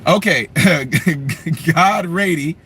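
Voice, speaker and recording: Animated, mocking man hosting a livestream. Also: on the high side, drawn-out words, slight background noise. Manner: mocking, animated, reads viewer comments and taunts trolls. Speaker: political livestream host. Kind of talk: casual livestream commentary.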